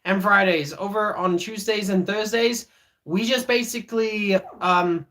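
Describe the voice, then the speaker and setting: Slow-talking man teasing chat. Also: high-pitched, sharp tone. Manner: joking, teasing, reads chat aloud; many fillers and restarts. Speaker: streamer. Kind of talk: casual live-stream chat.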